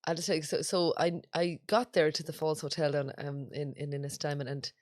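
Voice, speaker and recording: Low-voiced Irish woman, dry sound. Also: little pitch movement, fairly quick, a little mellow, dry recording. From Ireland. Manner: teasing, chatty, with fillers and restarts. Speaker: podcast co-host. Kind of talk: casual chat, storytelling.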